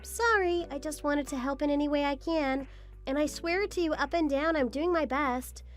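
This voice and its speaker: Woman voicing a put-upon young daughter-in-law, apologetic, high voice, music softly behind. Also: normal speed, lightly acted. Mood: defensive. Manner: apologetic, mildly defensive.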